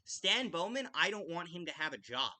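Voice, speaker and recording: A podcast host runs a live hockey watch-along, ranting passionately and swearing, with lots of "like" fillers and restarts in his casual commentary. His voice is on the high side, sing-song and sharp, at a moderate pace over slight background noise.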